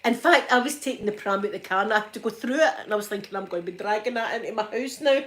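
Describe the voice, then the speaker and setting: Chatty Glaswegian woman, soft spoken. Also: mid-range voice, fast talker. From Scotland. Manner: chatty storytelling with frequent laughs and soft asides. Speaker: ASMR livestream host. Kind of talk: casual chat.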